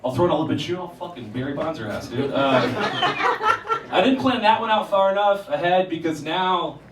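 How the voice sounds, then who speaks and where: Before a live audience in a small theater, a young comic delivers crude, self-mocking stand-up and imitates other people's voices. He talks fairly quickly, his voice on the high side. Loud crowd laughter and heavy noise fill the roomy, distant recording.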